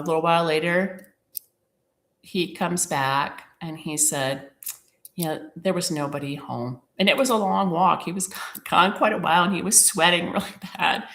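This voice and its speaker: A woman hosting a podcast, telling a personal story in an emotional, animated way and quoting the people in it. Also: fairly low pitch, reverberant. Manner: emotional, animated retelling with quoted dialogue. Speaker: podcast host.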